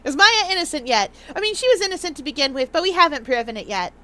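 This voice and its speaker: A woman streamer giving casual gaming commentary, giggly and animated. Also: high voice, fast talker.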